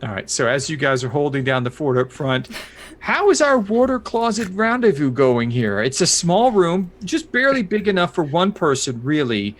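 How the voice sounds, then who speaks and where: A game master narrating a tabletop role-playing game in a relaxed, chatty way. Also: mid-range voice, normal speed. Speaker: dungeon master.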